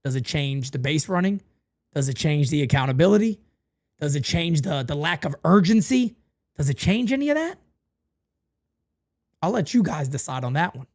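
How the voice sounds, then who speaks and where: A man hosting a sports talk show, launching into an emphatic rant in a high voice with big swings in pitch. He repeats his points for emphasis. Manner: animated and emphatic, repeats phrases. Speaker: podcast host.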